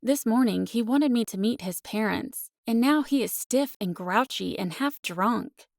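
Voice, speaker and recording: A woman narrating a first-person romance audiobook with expressive, earnest storytelling. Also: a little high, measured pace, creaky, dry recording, studio quality.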